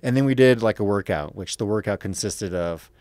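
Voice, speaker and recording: A man's voice: on the low side, fairly quick, a little mellow, no room sound. A man in his thirties, an MMA fighter on a podcast, telling a story casually with lots of swearing and acted-out quotes.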